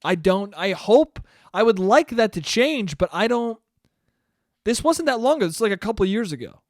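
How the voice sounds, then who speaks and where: A man's voice: high-pitched, very animated, moderate pace, no room sound, studio quality. A man in his twenties hosting a casual solo podcast, rambling and self-deprecating, swearing freely. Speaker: podcast host.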